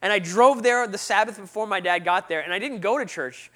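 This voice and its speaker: Preaching at a brisk clip, a man with a high voice tells a lively story from his own life. He voices each character, jumping from booming moments to hushed remarks.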